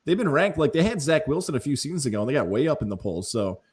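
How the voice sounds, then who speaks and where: Male sports podcast co-host, fairly high voice, chatty and upbeat. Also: very animated, fast, darkish tone, breathy edge. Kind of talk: casual sports chat with ad reads.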